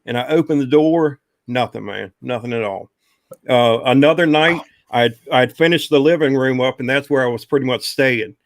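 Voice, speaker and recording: A man of middle pitch spins a rambling ghost story, stopping often for "um" and "you know". The sound is close and dry, with no room around it. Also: normal speed, no room sound. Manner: rambling, drawling, many fillers. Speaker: guest telling a ghost story. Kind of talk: casual storytelling.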